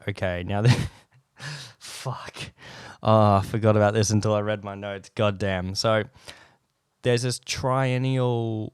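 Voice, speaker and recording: A young Australian man hosting a casual solo podcast, rambling and animated and swearing often, talking close to the microphone. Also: fairly low pitch, smooth, no echo. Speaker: podcast host. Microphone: close podcast mic.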